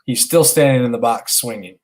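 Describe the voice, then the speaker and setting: A man in his thirties co-hosting a casual podcast, telling a long story in a middle-pitched voice. He rambles earnestly, stopping and restarting his sentences as he goes. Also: brisk. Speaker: podcast co-host, father.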